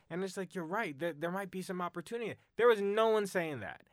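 Smooth-voiced excitable young man. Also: sits high, fast, few pauses, no echo, clean studio sound. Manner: excitable, full of fillers and slang. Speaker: podcast guest. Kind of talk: casual chat.

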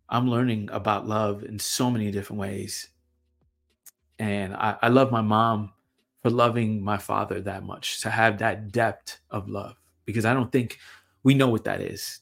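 Gravelly low-voiced man reflecting slowly. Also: a bit bright. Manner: halting, repeats words, many fillers. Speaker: podcast host. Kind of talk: reflective personal monologue. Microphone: camera mic.

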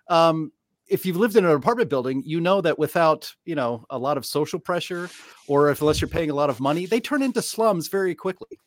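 A man co-hosting a casual political talk show, speaking in a sarcastic, animated way. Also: fairly high pitch, brisk, no room sound, studio quality. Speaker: podcast co-host.

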